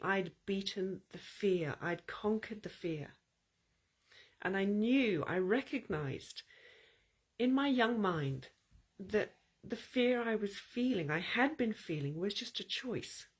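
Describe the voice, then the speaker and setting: Woman host, soft breathy voice, calm reflective storytelling pace. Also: medium pitch. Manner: calm, storytelling, measured pauses. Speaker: podcast host. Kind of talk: reflective solo monologue.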